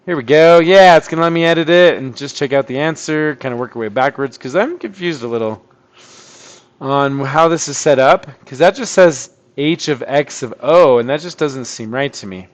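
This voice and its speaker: A man teaching an online math lesson, working through problems out loud in a chatty way and breaking into surprised exclamations. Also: fairly high pitch, normal speed. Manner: thinking aloud, chatty, with sudden surprised outbursts.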